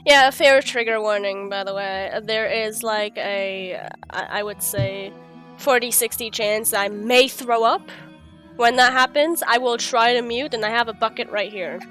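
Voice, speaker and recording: Woman streamer, fairly high voice, sounds sick, giggly casual chat, faint music behind. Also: unhurried, a bit bright. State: sick, rough voice. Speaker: streamer and player.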